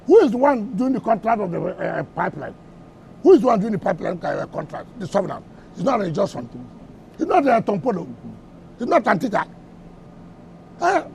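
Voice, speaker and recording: A man's voice: sits high, gravelly, slight background noise. A middle-aged Nigerian man answering reporters at a press briefing, combative and firing off repeated rhetorical questions. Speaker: government minister at a press briefing.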